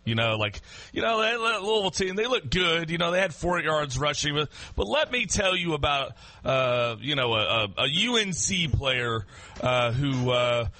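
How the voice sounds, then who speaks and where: A man's voice: a little high, very animated, moderate pace, bright, forceful tone, dry recording. A man co-hosting a sports radio show, talking casually with many restarts and fillers. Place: radio studio.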